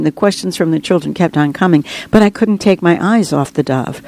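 A woman's voice: on the low side, fairly quick, warm tone, poor audio. A woman author reading her own book aloud in an earnest, reflective first-person storytelling manner. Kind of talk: audiobook reading.

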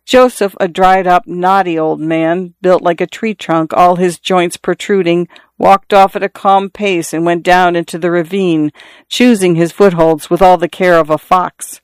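A reader narrating a story in a measured, even storytelling manner. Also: mid-range voice, clear, resonant tone, no echo. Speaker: audiobook reader. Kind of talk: scripted narration.

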